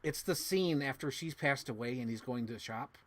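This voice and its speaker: A man in casual conversation about a film he loves, effusive and quick to curse. His voice sits at an ordinary middle pitch, and he slips into the lines he quotes. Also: a bit bright. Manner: effusive, swears freely, acts out movie quotes. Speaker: podcast co-host. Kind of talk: casual movie review chat.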